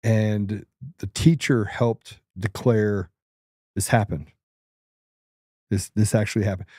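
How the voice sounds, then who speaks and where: A man's voice: lowish voice, steady tone, slow, a little mellow, no echo, studio quality. A middle-aged man hosting political commentary, blunt, combative and emphatic. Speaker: host.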